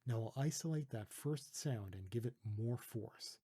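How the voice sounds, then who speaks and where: A Canadian man from Toronto calmly teaching letter sounds, patiently demonstrating pronunciation with a close mic. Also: medium pitch, husky. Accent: Canadian English. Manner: calm, patient, deliberate demonstrating. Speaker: language teacher. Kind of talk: pronunciation tutorial.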